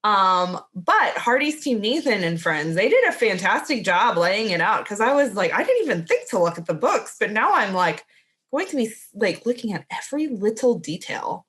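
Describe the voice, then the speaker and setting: A woman's voice: mid-range voice, very animated, normal speed, fairly bright tone. A woman co-hosting a podcast in casual chat, talking in a chatty way with lots of "like" and restarts. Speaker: podcast co-host.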